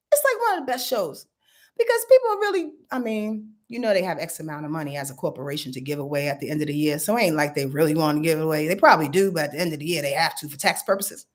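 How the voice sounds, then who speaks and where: A woman reads astrology charts for viewers during a casual home livestream. Her talk is animated and slangy, and she speaks directly to the people watching. Her voice sits at a middle pitch for a woman. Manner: animated, slangy, talks straight to viewers, laughs often. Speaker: astrologer doing live readings.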